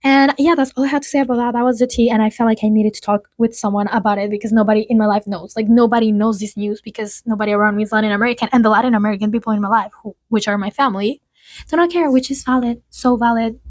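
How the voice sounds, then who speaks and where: A woman's voice: a little high, fairly even intonation, racing, darkish tone, no room sound. A young adult woman vlogging casual gossip, rambling and chatty with lots of "like" fillers. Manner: chatty, rambling, heavy use of "like". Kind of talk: casual gossip chat to camera.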